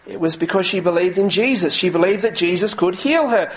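A man's voice: high-pitched, lively intonation, a little fast, few pauses, low-quality recording. A male pastor preaching a sermon earnestly, often repeating words as he goes and reading scripture aloud. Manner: reads scripture aloud in old English wording.

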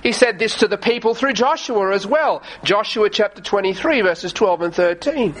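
A man preaching a sermon, reading scripture aloud and slowing down to stress key phrases in an earnest, pleading way. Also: high voice, lively intonation, a bit bright, rough recording. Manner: reads scripture in archaic wording, slows for emphasis.

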